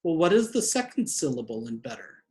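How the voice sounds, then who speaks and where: Male teacher, slightly high voice, echoey room, deliberate spelling dictation. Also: big pitch swings, a little mellow. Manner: slow, deliberate, repeats each word. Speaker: second grade teacher. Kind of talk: spelling lesson for children.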